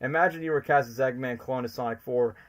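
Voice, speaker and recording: A man hosting a livestream, talking in an excitable, rambling way as an eager fan. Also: mid-range voice, fast. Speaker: streamer host. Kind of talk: casual livestream commentary.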